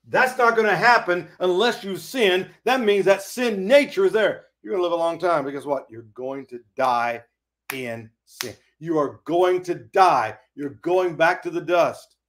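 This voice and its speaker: A man's voice: high voice, a little slow, fairly bright tone. A man teaching a Bible study in a folksy, preachy way, acting out quoted dialogue.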